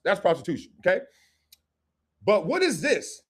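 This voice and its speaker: A middle-aged man hosting a live show, commenting on sports and culture in a joking, animated way and acting out quick skits. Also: high-pitched. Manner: animated and joking, slips into quick acted-out skits with different voices. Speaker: host.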